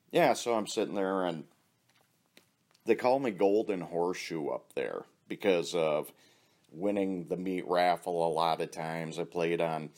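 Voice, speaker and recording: A man with a very low, deep voice tells loose, rambling stories in an offhand way, swearing freely and chuckling at his own jokes. It's relaxed casual storytelling, like chatting with a friend.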